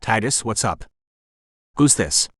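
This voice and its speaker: Guy reading older serious doctor w slight spanish accent, calm questions, low-ish voice, dry sound. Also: takes it slowly, slightly rough, no echo, heavily acted. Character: older male small-town doctor, serious.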